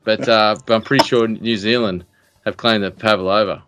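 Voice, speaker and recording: A man's voice: on the low side, steady tone, normal speed, a bit bright, no room sound, faint music behind. A man with an Australian accent, co-hosting a podcast in rambling, jokey casual banter full of fillers and restarts. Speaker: podcast co-host.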